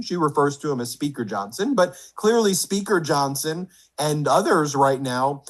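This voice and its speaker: A man's voice: on the high side, animated, moderate pace, hardly any pauses. A man giving a political commentary monologue, reading quotes aloud in an indignant rush.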